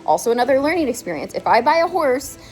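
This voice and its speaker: A woman's voice: high-pitched, sing-song, quick pace, a little mellow, faint music behind. A woman hosting a horse vlog, telling a story in a chatty, emphatic way, full of "like" and "okay?", with quoted dialogue. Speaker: horse channel host.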